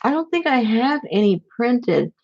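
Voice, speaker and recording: A woman's voice: on the high side, sing-song, unhurried, a little mellow. A woman hosting a casual crafting chat for her viewers, rambling and chatty with lots of fillers and restarts. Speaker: crafting channel host. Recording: dull lo-fi sound.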